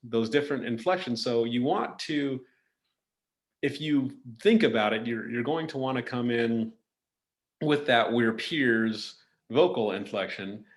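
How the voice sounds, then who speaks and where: A man's voice: medium pitch, a little slow. Rambling, easygoing male podcast host. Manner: loose and rambling, with many restarts. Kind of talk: casual conversational chat.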